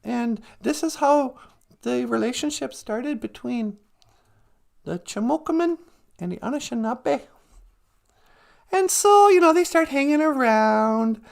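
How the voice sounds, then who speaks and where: Gravelly man telling a rambling comic story. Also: very high-pitched, lively intonation, unhurried, pauses often. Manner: rambling, jokey, self-correcting. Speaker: livestream host.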